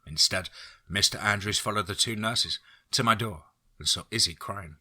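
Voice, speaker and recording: A man reading a first-person horror story aloud as narrator in a steady storytelling voice. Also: fairly low pitch, moderate pace, husky.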